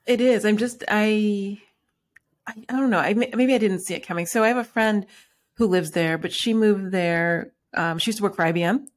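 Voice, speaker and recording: A woman's voice: mid-range voice, normal speed. A woman from New York City hosting an interview, talking in a rambling casual way with many restarts. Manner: rambling, many restarts and fillers, laughs often. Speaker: podcast host.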